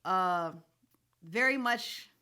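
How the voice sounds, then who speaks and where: A young adult woman co-hosting a podcast, chatting candidly and excitably about films and shows. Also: lowish voice, extremely slow, smooth. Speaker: podcast co-host. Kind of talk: casual chat.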